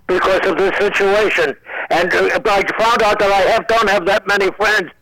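A man's voice: high-pitched, fairly even intonation, moderate pace, sharp tone, low-quality recording. A man in his nineties, a comedian guest calling in from home, rambling with stammered restarts and dry wisecracks. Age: 90s. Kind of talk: joking radio interview.

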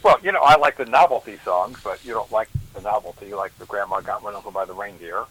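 A man chatting on a radio show as a regular guest, rambling and restarting his sentences in quick bursts. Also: fairly low pitch, a bit bright, rough recording. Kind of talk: casual on-air banter. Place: radio studio.

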